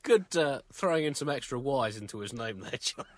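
A man co-hosting a comedy podcast, reading jokes in a deadpan, mock-solemn way and bantering. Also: medium pitch, brisk, no echo. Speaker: co-host.

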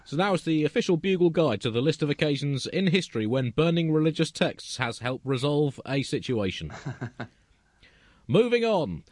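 A man co-hosting a satirical comedy podcast, delivering puns in a deadpan way and chuckling at his own jokes. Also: a little high, normal speed, no room sound, studio quality. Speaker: co-host.

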